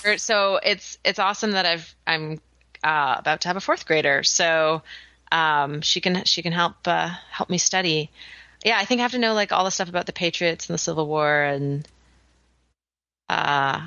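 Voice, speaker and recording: A woman's voice: fairly low pitch, normal speed, bright, forceful tone, no echo, lo-fi sound. A woman in her thirties from Canada with a light Canadian accent, co-hosting a podcast in casual, laughing chat with frequent restarts. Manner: chatty, laughs often, many restarts. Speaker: podcast co-host.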